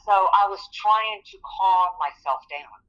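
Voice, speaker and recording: A woman's voice: medium pitch, a little slow, clean tone. Woman telling her testimony, lo-fi. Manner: earnest, vivid storytelling that acts out quoted speech. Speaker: interview guest. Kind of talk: personal testimony in an interview.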